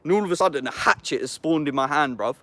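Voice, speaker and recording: A man's voice: fairly high pitch, fast talker, a bit bright, no echo. A young adult man with an English accent, chatting casually and slangily on a livestream, swearing and answering chat comments.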